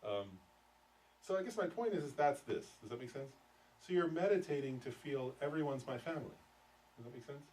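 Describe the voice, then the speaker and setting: A man's voice: mid-range voice, expressive, brisk, a little mellow. A middle-aged man teaching a Buddhist class in a loose, conversational way, often checking whether his listeners follow. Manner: conversational, keeps checking "does that make sense?". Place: meditation center teaching room. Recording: distant mic, faint room noise.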